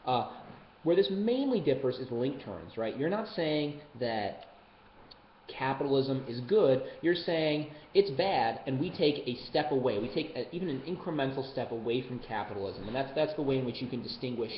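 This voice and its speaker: A young man teaching debate strategy on a webcam, casual and joking, with quick asides. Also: mid-range voice, lively intonation. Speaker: debate coach. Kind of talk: webcam lesson. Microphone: webcam mic. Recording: roomy, dull webcam audio, faint hiss.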